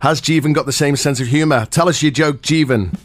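A man's voice: a little high, fairly quick, no room sound, faint music behind. A man hosting a morning radio show, bantering with callers in a jokey, laid-back way. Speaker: radio host. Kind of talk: casual morning radio chat.

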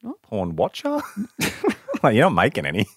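A man's voice: fairly low pitch, wildly swooping pitch, normal speed, breathy edge, no room sound, studio quality. A man, co-hosting a podcast and teasing his friends in casual banter. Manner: teasing, laughs often. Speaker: podcast co-host.

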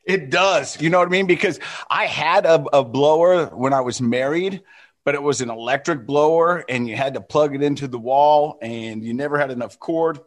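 A man's voice: fairly high pitch, normal speed. A man chatting casually as a podcast co-host, full of joking, teasing banter. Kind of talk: casual chat.

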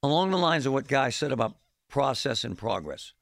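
A man's voice: medium pitch, big pitch swings, moderate pace, vocal fry, a bit bright, dry recording, clean studio sound. A man hosting a talk radio show, speaking bluntly in a fed-up, folksy way. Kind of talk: opinionated talk radio monologue. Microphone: studio microphone.

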